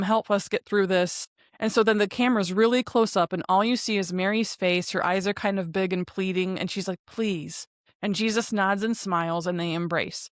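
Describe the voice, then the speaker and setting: A woman of middle pitch talks through a TV episode scene by scene, loose and conversational, slipping into short quoted lines. The sound is close and dry, with no room around her. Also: no echo. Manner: chatty retelling with fillers and quoted lines. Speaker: podcast co-host. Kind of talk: casual episode recap.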